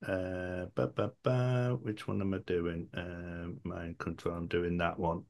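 A man playing in a tabletop role-playing game, deliberate and thinking aloud. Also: sits low, flat delivery, a little mellow. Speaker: player.

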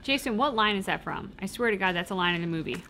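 A woman hosting a casual game livestream, chatting and reading chat aloud in an animated way, often cooing soothingly. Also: medium pitch, fast. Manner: animated, soothing and coos to her dog, reads chat aloud. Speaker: let's play streamer.

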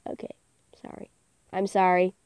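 A teenage girl giving casual, self-mocking commentary over her own game, sometimes bursting into loud cheers. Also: on the low side, monotone, moderate pace, clear, resonant tone, no room sound, lo-fi sound. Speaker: gaming channel host. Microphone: phone screen recording.

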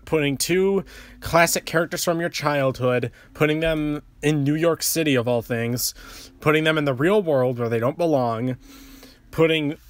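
A young man giving a casual movie review, talking fast with stutters and restarts, ranting and sarcastic. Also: a little high, a bit bright, dry recording.

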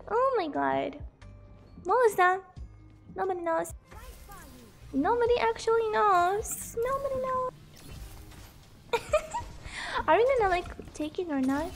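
A woman's voice: very high voice, creaky. A young woman streaming a video game, chatting casually and giggling often. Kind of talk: casual gameplay chat.

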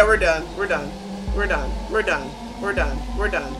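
A woman narrating her own horror game playthrough in slangy, casual chatter, looping the same frightened phrases again and again. Her voice sits at an ordinary middle pitch. Game music plays loudly beneath her. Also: expressive, moderate pace, poor audio. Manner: jittery, repeats panicked phrases over and over. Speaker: gaming channel host. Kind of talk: horror game let's-play commentary.

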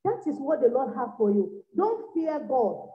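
High-voiced woman preaching revival. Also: very animated, a little slow. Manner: exhorting, repetitive, swinging from soft to loud bursts. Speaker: evangelist preacher. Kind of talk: revival sermon. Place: church meeting room. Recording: echoey, dull lo-fi room recording.

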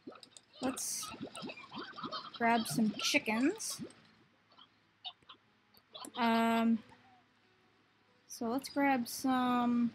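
A young woman talks casually through a video game with a high voice. She often slips into cooing baby talk at the creatures on screen, and a faint hiss sits under her voice. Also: steady tone, drawn-out words, pauses often. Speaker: gaming video host. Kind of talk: casual gameplay commentary.

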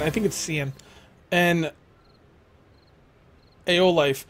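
A man's voice: fairly high pitch, steady tone, takes it slowly, long pauses, soft background music. A young man chatting casually on a game live stream, rambling, laughing often and reading viewers' messages aloud.

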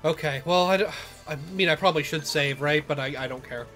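A young man muttering loose commentary while he plays, cursing at himself and the game. His voice is bright and fairly high, with faint game music running behind him. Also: fairly quick. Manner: rambling, self-deprecating, swears often. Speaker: gamer. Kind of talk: casual let's-play commentary.

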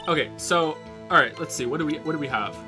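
A woman streaming a game, reacting with giggly, swearing, excitable commentary. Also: sits low, fast, over music. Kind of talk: let's-play commentary.

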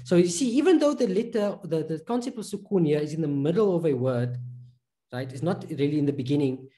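A man patiently teaches reading through a recorded pronunciation lesson, drilling syllables with many slow repetitions of each sound. He sounds animated and mellow at a fairly high pitch, with soft music playing in the background.

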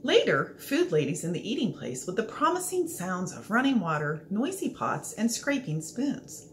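Expressive woman reading a children's story. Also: mid-range voice, moderate pace, slight background noise. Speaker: reader of a children's book. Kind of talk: storybook read-aloud.

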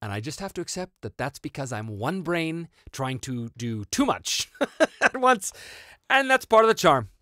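A North American man hosting a casual livestream Q&A, animated and quick to laugh as he tells stories. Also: a little high, no room sound, clean studio sound. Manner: animated, laughing, self-interrupting. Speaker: host and voice actor.

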